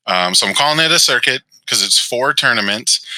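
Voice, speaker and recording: A man in casual chat as a guest tournament organizer, explaining at a measured pace with many fillers. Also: mid-range voice, lively intonation, pushed and bright, no room sound, poor audio.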